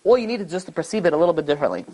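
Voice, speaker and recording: A man, a rabbi, giving a conversational Torah class and telling a story in a lively, informal way. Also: a little high, racing, poor audio. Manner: conversational, animated storyteller with fillers.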